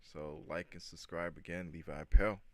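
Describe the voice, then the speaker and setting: A man's voice: sits low, normal speed. A man hosting his own channel, chatting casually about news clips in a rambling way, full of "um" fillers and asides to viewers. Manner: rambling, loose, many "um" fillers; relaxed, talks straight to viewers. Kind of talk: casual news commentary vlog.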